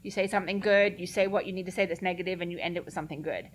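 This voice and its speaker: A woman's voice: fairly low pitch, steady tone, racing. A woman speaking earnestly and directly in a casual question-and-answer session, laughing now and then. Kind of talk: casual Q&A talk.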